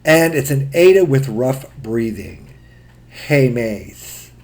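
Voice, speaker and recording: A male teacher works through Greek grammar in a recorded lecture. He speaks at an unhurried, deliberate pace. His voice sits at an average pitch, and he lays out each point methodically. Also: expressive, darkish tone. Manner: slow, methodical explaining.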